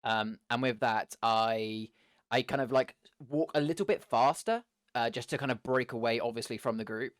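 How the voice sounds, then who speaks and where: A man's voice: moderate pace, dry recording, studio quality. A man playing a tabletop game, hesitantly describing what his character does. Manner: hesitant, full of fillers, lowers his voice. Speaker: player.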